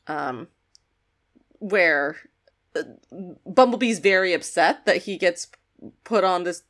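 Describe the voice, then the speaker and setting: A woman's voice: on the low side, animated, slow pace, fairly bright tone. Wry woman podcast co-host. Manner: wry and sarcastic, casual swearing. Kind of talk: casual chat recapping a cartoon.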